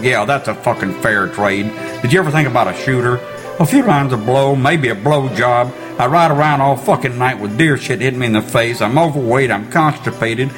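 A man's voice: mid-range voice, natural voice. A man playing a bitter, foul-mouthed old Santa who rants about his thankless job, from a comedy album with music behind. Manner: profane ranting.

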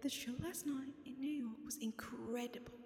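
A woman's voice: high voice, fairly even intonation, normal speed, a little mellow, echoey room, in a large hall. A woman reading a young male pop singer's tweet aloud in a put-on, hammy British accent. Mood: mock-earnest. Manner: hammy, self-mocking. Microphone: phone.

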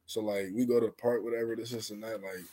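Husky man telling stories in slang. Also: on the low side, quick pace. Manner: animated storytelling with loud exclamations, heavy slang. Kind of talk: casual podcast chat.

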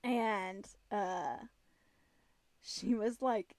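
A young woman, co-hosting a podcast and telling stories in an animated, casual way. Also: drawn-out words, long pauses, no echo. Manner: animated storyteller, acts out nervous high squeaks. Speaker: podcast co-host. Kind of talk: casual chat.

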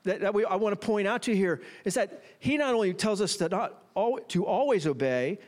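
A man's voice: high-pitched, animated, fairly quick. A middle-aged man, a pastor, gives a playful sermon and talks straight to the congregation.

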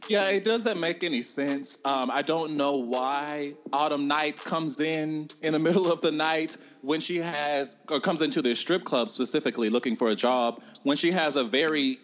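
A man's voice: on the high side, normal speed, hardly any pauses, a bit bright, soft background music. Enthusiastic man chatting casually.

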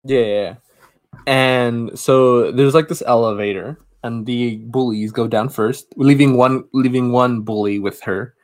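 A man's voice: medium pitch, fairly even intonation, measured pace. A man co-hosting a podcast, casually retelling a horror film's plot with many restarts and asides. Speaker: podcast co-host. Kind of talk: casual movie review chat.

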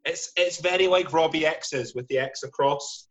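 A man's voice: a little high, moderate pace. A man playing his character in a tabletop game, cheeky and boastful. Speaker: player. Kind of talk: in-character tabletop role-play.

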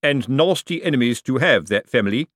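A pompous middle-aged city-watch sergeant in an audiobook, lecturing with weary authority in a raised, lively voice, as a male narrator puts him on. The sound is close and dry. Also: medium pitch, brisk, no room sound, pitched above the performer's own voice, lightly acted. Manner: pompous, know-it-all.

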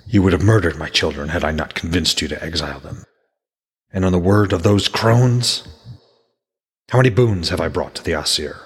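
A man's voice: deep voice, breathy edge, big-room sound. A man voicing a bitter, vengeful male trickster god who speaks in menacing accusations from a storybook.

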